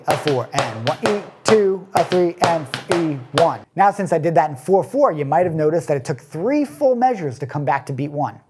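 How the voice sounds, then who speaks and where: Husky-voiced male drum teacher. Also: fairly high pitch. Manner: explains step by step and counts beats aloud; relaxed, casual phrasing. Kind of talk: drum lesson with spoken counting.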